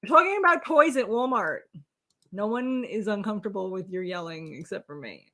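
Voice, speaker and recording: A woman's voice: medium pitch, expressive, fairly quick, a bit bright. A woman co-hosting a casual livestream chat, teasing and blunt with a dry delivery and casual swearing. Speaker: co-host.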